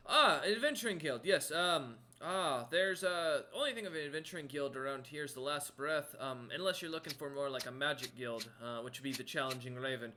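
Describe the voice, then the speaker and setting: A man voicing a boisterous scarred male sailor captain who talks loud and jolly in a tabletop game. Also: fairly high pitch, expressive, brisk, hardly any pauses, slight background noise. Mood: apologetic. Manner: loud, jolly, laughing bellow.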